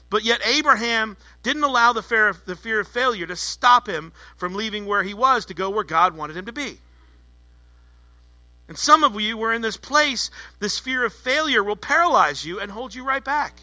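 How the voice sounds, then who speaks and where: A man's voice: high-pitched, animated, normal speed, bright, forceful tone, no echo. A man preaching a sermon as pastor, emphatic and rhetorical, repeating key phrases.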